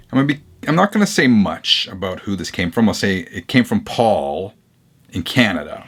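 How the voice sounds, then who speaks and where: Male vlog host, low voice, chatty and animated, casual show-and-tell delivery. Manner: chatty, animated, reacts with surprise. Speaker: vinyl channel host. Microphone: camera mic, leans toward camera.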